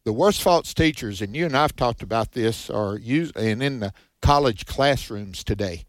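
A man's voice: medium pitch, lively intonation, moderate pace, no room sound. A man hosting a Christian radio call-in show, talking in a folksy, hesitant way with lots of fillers. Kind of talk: casual radio chat.

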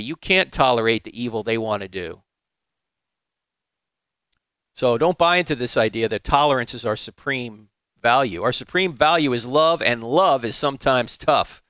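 A man giving a preaching talk, emphatic and rhetorical, sometimes jumping into high mocking voices. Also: pushed and bright, no echo. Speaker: apologetics speaker.

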